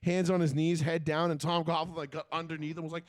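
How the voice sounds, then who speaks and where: A man's voice: on the high side, quick pace, no echo, studio quality. A man co-hosting a sports talk show, ranting with plenty of swearing in casual chat. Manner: profane, ranting, animated. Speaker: podcast co-host.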